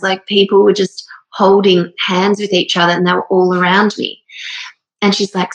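A woman in her thirties shares a personal story in a casual, earnest and rambling monologue full of fillers, growing emotional and close to tears. Her medium-pitched voice stays level at a moderate pace, and the recording quality is low.

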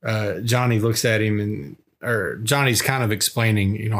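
A man's voice: on the low side, moderate pace, a bit bright, slight background noise. A man co-hosting a casual movie review podcast, laughing often and quoting scenes with gusto. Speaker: podcast co-host.

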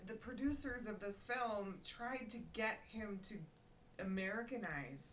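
A woman's voice: mid-range voice, a little slow, a bit bright, a little hiss or hum, low-quality recording. A woman co-hosting a podcast, talking casually and playfully about a film, often laughing into her lines. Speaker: podcast co-host. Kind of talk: casual chat reviewing a film.

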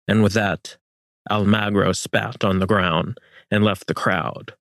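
Solemn guy reading historical fiction, real slow, dry close mic. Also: lowish voice, steady tone, no room sound. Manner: measured, solemn storytelling. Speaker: narrator. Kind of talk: scripted narration of historical fiction.

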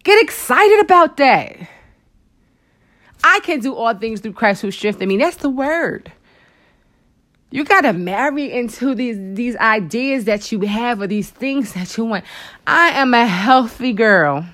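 A woman's voice: a little high, a little slow. A woman hosting a Christian motivational talk, speaking emotionally and conversationally to her listeners, with asides and exclamations to the Lord. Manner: expressive, emotional, animated preaching with frequent asides; conversational, addresses listeners as girl and honey. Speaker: host of a faith talk show.

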